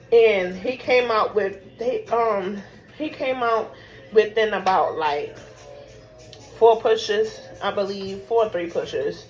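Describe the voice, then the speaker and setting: A woman in her thirties telling a casual storytime vlog over a meal at home, animated and blunt, cursing freely and laughing often. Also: medium pitch, dull audio. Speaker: vlogger. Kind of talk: casual storytime while eating.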